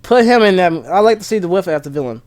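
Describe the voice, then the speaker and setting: A man streamer chatting casually and excitedly, rambling with many restarts. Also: high-pitched, fast talker. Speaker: gaming streamer. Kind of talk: casual chat.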